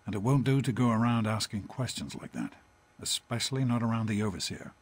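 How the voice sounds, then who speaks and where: A caring game father, a vault doctor who talks with quiet, earnest reassurance. His voice is husky, never raised. He sounds patient and protective throughout. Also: on the low side, expressive, brisk. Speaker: father of the player character.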